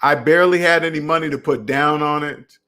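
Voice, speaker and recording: A man's voice: a little high, fairly even intonation, fairly quick, bright, forceful tone. A young adult man hosting a casual personal finance live stream, talking straight to viewers and repeating phrases for emphasis.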